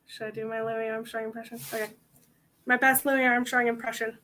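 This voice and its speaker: Young woman hosting a panel, high bright voice, rambly and self-mocking, super casual. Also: little pitch movement, a little fast, a little hiss or hum. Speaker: convention panel host. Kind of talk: casual chat to an audience.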